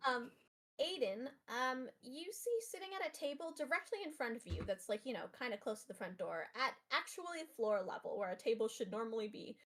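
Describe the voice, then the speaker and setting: A woman narrating as game master of a tabletop game, with lively narration full of fillers. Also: fairly high pitch, a little fast.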